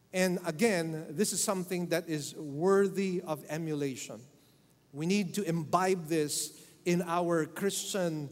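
A man preaching a sermon as pastor, emphatic and repeating key phrases for stress. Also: high voice. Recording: long hall reverb.

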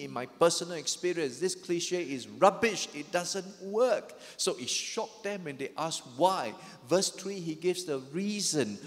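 Pastor preaching in a reverberant hall. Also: male voice, mid-range voice. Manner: emphatic preaching, voices the psalmist's lament with rising energy. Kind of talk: sermon. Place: church sanctuary.

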